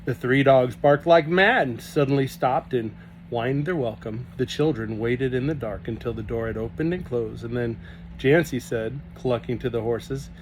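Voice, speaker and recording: Male reader, lively home read-aloud of a children's book, faint hum. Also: mid-range voice, normal speed. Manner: animated reading, laughs at the text. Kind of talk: reading a children's novel aloud.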